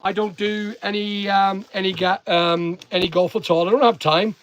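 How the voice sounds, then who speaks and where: A man's voice: sits high, level tone, normal speed, fairly bright tone, rough recording. A man from Northern Ireland with a mixed Northern Irish and English accent, chatting on a live stream as he reads out viewer comments and answers each one with jokes. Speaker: online seller and live streamer. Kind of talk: live stream reading chat aloud.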